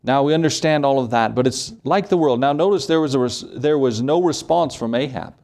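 This sermon is brisk and emphatic in true pulpit style, delivered in a slightly mellow, middle-pitched voice. The man keeps asking rhetorical questions to hammer his points home.

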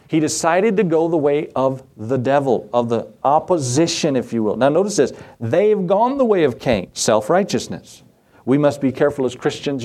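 A middle-aged preacher whose voice sits a little high for a man. He talks in a folksy, conversational way and keeps asking his listeners questions. He acts out the people he quotes as he preaches. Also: a little mellow. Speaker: pastor. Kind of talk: sermon.

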